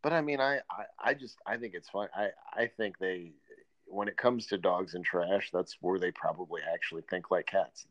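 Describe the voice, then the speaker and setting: A man co-hosting a podcast in easygoing casual chat, often pausing and restarting. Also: low-pitched, no room sound, dull audio. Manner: easygoing, hesitant, many fillers and restarts. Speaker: podcast co-host.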